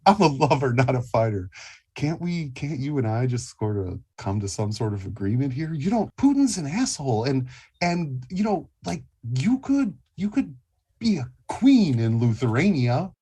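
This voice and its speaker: A man voicing a sleazy, smooth-talking male lover in a tabletop game, crooning low and seductive. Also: big pitch swings, moderate pace, warm tone.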